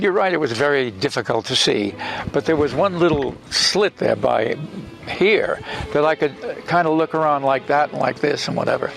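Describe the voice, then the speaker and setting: An older man, an actor being interviewed, telling anecdotes in an animated way with restarts and acted-out quotes. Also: on the high side, vocal fry.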